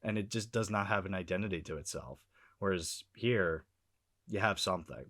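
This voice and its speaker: A man's voice: sits low, moderate pace, a bit bright, no echo, studio quality. Easygoing man. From Boston, USA. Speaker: podcast co-host. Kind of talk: casual film-discussion chat.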